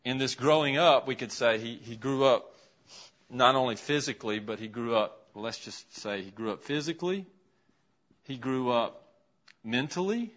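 In a classroom, a man leads an interactive Bible lesson, putting questions to his class while writing a list on the board. His voice sits in the mid range with a fairly bright tone, and he speaks at a normal speed. The recording is dull and lo-fi.

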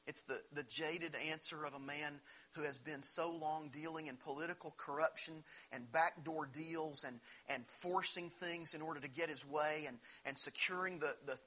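Husky bright-voiced male preacher. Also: on the high side, poor audio. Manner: earnest preaching, rises for emphasis, quotes scripture dramatically. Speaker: pastor. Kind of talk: sermon.

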